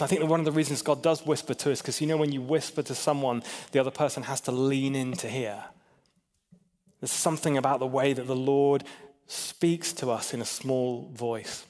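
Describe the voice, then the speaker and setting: A man preaching an informal sermon, chatty and laughing easily, dropping to a hush for the quiet points. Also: mid-range voice, big-room sound.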